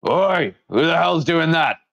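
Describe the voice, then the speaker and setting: A man voicing a gruff, suspicious male warehouse thug who barks with a put-on Cockney accent. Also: on the high side, animated, a little slow, a bit bright, pitched above the performer's own voice, heavily acted. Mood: hostile.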